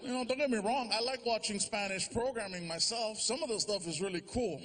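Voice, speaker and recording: A man doing stand-up comedy on a large theater stage, animated, switching quickly into character voices. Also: sits high. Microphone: stage microphone.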